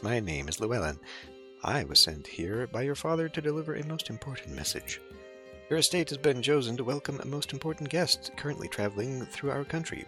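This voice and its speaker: A man's voice: medium pitch, fairly bright tone. A man voicing a courteous male royal messenger in a medieval game, speaking in formal, old-fashioned phrasing.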